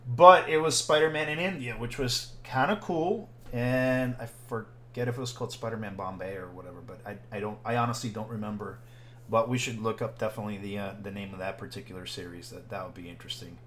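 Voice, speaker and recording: A man's voice: on the low side, fairly even intonation, brisk, bright, forceful tone, a little hiss or hum. A man co-hosting a casual podcast chat, rambling and restarting his sentences. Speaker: podcast co-host.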